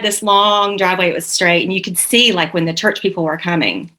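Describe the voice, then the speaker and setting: A woman's voice: on the low side, steady tone, a little fast, few pauses, sharp tone. A woman in her forties from Georgia with a Southern accent, chatting casually and telling stories about her grandparents, laughing often. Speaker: host. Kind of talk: casual chat.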